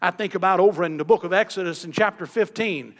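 High-voiced preacher man in a reverberant hall. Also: fast talker. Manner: preaching with rising emphatic peaks and quiet low drops. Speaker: pastor. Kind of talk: sermon.

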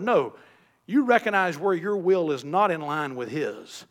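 A man preaching a sermon with a high-pitched voice that rings out with long reverb, as if from a church sanctuary. He pushes up into emphatic peaks, then falls back to quiet, low phrases. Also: expressive, unhurried. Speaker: pastor.

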